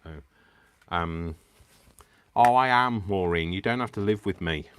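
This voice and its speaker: Giddy, rambling man with a deep voice. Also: measured pace, fairly bright tone, smooth, no room sound. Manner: giddy, rambling, self-mocking, laughs to himself. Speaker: crafting livestream host. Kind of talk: casual live crafting chat.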